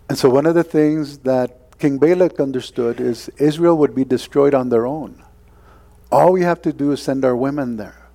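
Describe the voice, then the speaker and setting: A man's voice: medium pitch, normal speed, gravelly, dark tone. A man preaching a sermon, retelling a scripture story casually, with frequent tag questions and chuckles.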